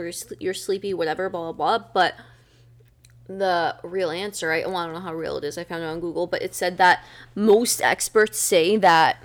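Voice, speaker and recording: A young woman co-hosting a podcast, telling family stories in a casual, filler-heavy way. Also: fairly low pitch. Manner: chatty, filler-heavy storytelling. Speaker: podcast co-host. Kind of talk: casual chat.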